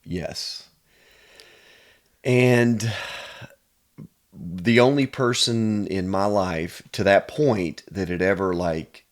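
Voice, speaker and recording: A man's voice: low-pitched, slow pace, long pauses. A man from Pennsylvania, a chiropractor guest, telling personal stories in an earnest, casual way. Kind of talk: casual storytelling.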